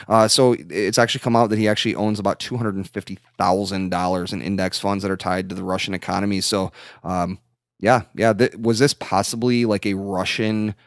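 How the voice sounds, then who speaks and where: A man's voice: low-pitched, level tone, a little fast, no room sound, clean studio sound. A man co-hosting a podcast, rambling and swearing freely in casual chat. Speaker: podcast co-host.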